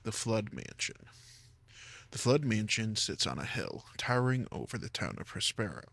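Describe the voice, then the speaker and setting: A man with a low, gravelly voice reads game lore aloud on a stream, now and then tripping over words and laughing at himself. The sound is dry and close, with no room around it. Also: sing-song, moderate pace, a bit bright, dry recording. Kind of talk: casual game commentary and reading lore aloud.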